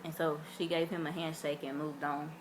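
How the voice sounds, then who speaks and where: Heavy background noise surrounds a young vlogger with a low-pitched voice speaking at normal speed. Telling a story casually to her camera, she uses many fillers like "like" and "um," leaning in and acting out what people said with big jumps in her voice, friendly and animated throughout.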